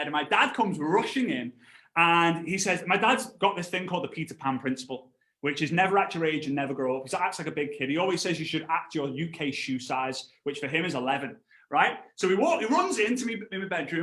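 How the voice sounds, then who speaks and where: A man in his thirties giving an animated network marketing training talk. He tells stories, acts out other voices, and breaks into laughs and shouts. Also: fairly high pitch, quick pace, reverberant. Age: 30s.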